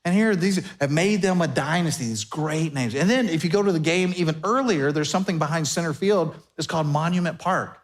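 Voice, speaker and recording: A man's voice: fairly high pitch, brisk, few pauses. A man, the pastor, preaching a sermon to his congregation in a conversational way, slipping into everyday back-and-forth dialogue to make his points. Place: church sanctuary before a congregation.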